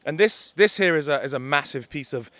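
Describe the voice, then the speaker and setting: A man's voice: on the high side, animated, fairly quick, bright, forceful tone, no echo. Blunt, emphatic male vlogger outdoors. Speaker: life coach and vlogger. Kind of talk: outdoor talking-to-camera vlog. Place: outdoors by a beach on a hillside.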